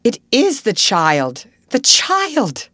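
A woman reading the lines of a frail, agitated invalid gentleman in a storybook, with breathless, urgent outbursts. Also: medium pitch, very animated, a little slow, no echo, pitched above the performer's own voice.

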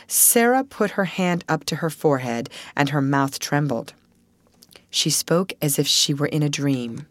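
A woman reading a storybook aloud as an audiobook narrator, in an expressive, measured way. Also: low-pitched, no room sound. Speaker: audiobook reader. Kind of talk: scripted narration.

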